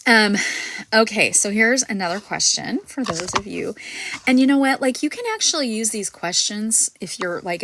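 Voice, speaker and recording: A woman past middle age who has a granddaughter, hosting a spiritual panel in casual, rambling talk full of ums and likes, sometimes dropping to a soft near-whisper. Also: fairly low pitch, no echo. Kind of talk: casual live-stream talk.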